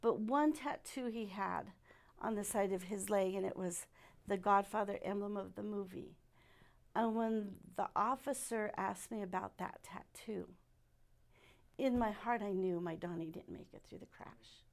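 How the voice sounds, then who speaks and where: A middle-aged woman giving a personal testimony at church, speaking softly and haltingly with many pauses. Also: mid-range voice, vocal fry. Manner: halting and soft-spoken, many pauses and fillers.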